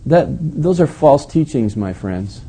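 A man's voice: medium pitch, big pitch swings, unhurried, dark tone, breathy edge. A male pastor preaching a sermon in a storytelling way, acting out the quotes and chuckling often.

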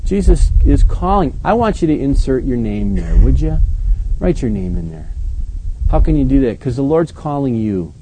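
A man acting as pastor, reading scripture aloud and then commenting on it in a relaxed, conversational way. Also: medium pitch, moderate pace, a little hiss or hum, rough recording. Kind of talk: Bible reading with sermon commentary.

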